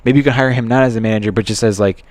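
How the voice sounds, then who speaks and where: A man's voice: fairly low pitch, rapid-fire, darkish tone, no echo. A man in his thirties co-hosting a podcast, telling rambling stories and acting out the people he quotes in a raised voice. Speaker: podcast co-host. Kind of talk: casual chat.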